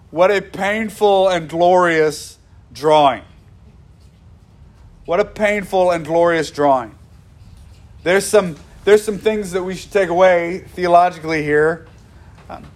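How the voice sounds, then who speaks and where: A male preacher speaks slowly and deliberately, leaving room between his phrases. His voice sits a little high for a man, and he doubles back on key words to press them home. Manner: earnest, repeats phrases for emphasis. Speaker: pastor. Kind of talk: sermon.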